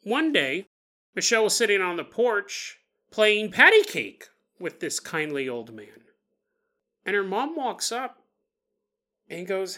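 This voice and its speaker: A male podcast host narrates a paranormal tale with lively, animated delivery, repeating and restarting words as he goes. His tone is bright and forward. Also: a little high, normal speed. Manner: animated retelling with acted-out quotes and stumbles.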